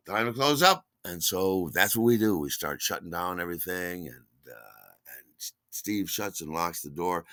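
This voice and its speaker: Low-voiced man telling a rambling story. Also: no room sound. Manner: rambling, animated, acts out others' shouts. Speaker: podcast storyteller. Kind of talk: casual spoken memoir.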